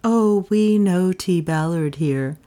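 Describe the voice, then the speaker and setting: A woman reading a storybook who voices a polished young receptionist with a soft, insinuatingly confidential manner. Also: on the low side, slow pace. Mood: smooth.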